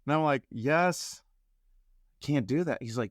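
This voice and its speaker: A man telling a personal story as a podcast guest, acting out the quoted dialogue with lively shifts in voice. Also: mid-range voice, unhurried, long pauses, dry recording, studio quality. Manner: animated storyteller who acts out quoted dialogue.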